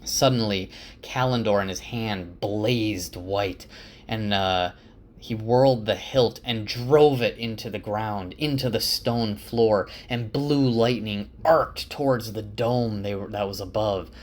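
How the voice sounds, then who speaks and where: A man's voice: on the low side, takes it slowly. A man giving a casual spoken summary of a book, full of fillers like "like" and "uh".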